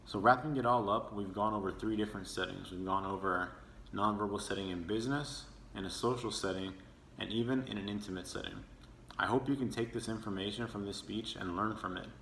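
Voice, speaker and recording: A man's voice: fairly low pitch, a little fast, vocal fry, fairly bright tone, a little hiss or hum. A young man giving a persuasive speech to his class, earnest and sometimes acting out tones of voice to make his points. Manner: earnest, demonstrating with his own tone. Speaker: student speaker. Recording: echoey room with faint ambience.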